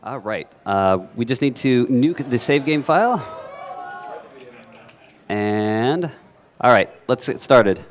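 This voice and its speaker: A man's voice: medium pitch, animated, slow pace, long pauses. A man casually presenting a speedrun live, rambling with many fillers and laughing off mishaps. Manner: loose and rambling, lots of "uh" and "um", laughs it off.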